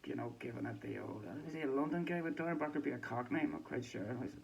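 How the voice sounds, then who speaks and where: A man's voice: mid-range voice, fast, creaky, a little hiss or hum, low-quality recording. A Northern Irish man giving a casual, sweary and rambling boxing reaction with a mocking tone. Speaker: boxing commentator. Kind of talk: casual chat.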